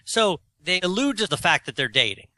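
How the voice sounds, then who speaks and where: Brisk and sing-song, this forties co-host's high, bright voice carries a forceful edge on a dry recording. In easygoing podcast talk he spins meandering stories at his own expense, chuckling at himself and arguing his opinions.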